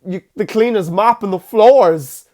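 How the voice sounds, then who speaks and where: An intense, oddly urgent psychic with a halting delivery, as a man puts on a famous actor's voice. The voice sits well above the speaker's own and leans on long, dramatic pauses. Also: high-pitched, mellow, pitched above the performer's own voice.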